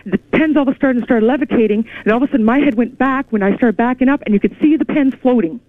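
A woman caller comes through a tinny, phone-like line that sounds dry and close. Her voice sits high for a speaker, and she rambles excitedly through her story, restarting her sentences often. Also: fast, no room sound. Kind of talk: call-in radio chat. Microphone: telephone.

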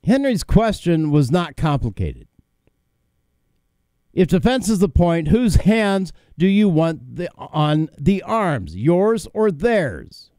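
A man's voice: on the high side, big pitch swings, slow, mellow, no room sound. A man hosting a talk radio show, delivering an opinionated monologue in a combative, emphatic way, with fillers and repeated words.

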